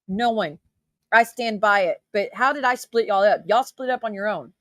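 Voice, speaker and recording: A woman's voice: medium pitch, normal speed, a bit bright, no room sound. A woman commentator ranting in her own defense, firing rhetorical questions and swearing. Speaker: YouTube commentator. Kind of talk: heated reaction rant.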